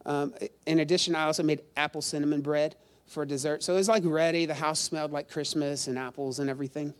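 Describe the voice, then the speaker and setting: A man's voice: fairly high pitch, steady tone, quick pace. A middle-aged male pastor preaching a sermon in a chatty, self-deprecating storytelling way, quizzing the congregation.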